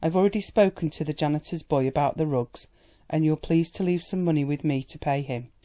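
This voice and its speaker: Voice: mid-range voice, a little fast, dark tone, natural voice. A reader voicing a haughty young maid who speaks in a cold, firm and proper way, in an audiobook. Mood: frosty. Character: haughty young woman house maid, frosty.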